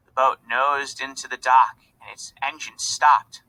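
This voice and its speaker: Bright-voiced man reading a storybook. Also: medium pitch, fairly even intonation, measured pace, few pauses, low-quality recording. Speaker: reader. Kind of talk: storybook read-aloud.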